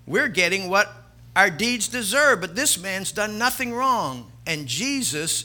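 A man's voice: high voice, lively intonation, measured pace, pushed and bright. A middle-aged man preaching a sermon as a pastor, telling a story earnestly and building to emphatic exhortation.

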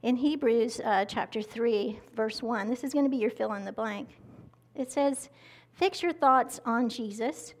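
A woman's voice: fairly high pitch, measured pace. A woman preaching a conversational sermon, close to the mic, acting out quotes as she teaches. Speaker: pastor. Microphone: mic held close to the mouth.

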